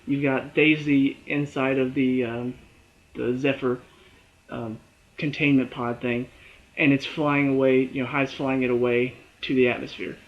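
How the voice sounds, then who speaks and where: A man reviewing a TV episode in a casual solo talk, animated and acting out the characters' lines and his own reactions. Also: mid-range voice, unhurried, muffled recording. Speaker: TV show reviewer.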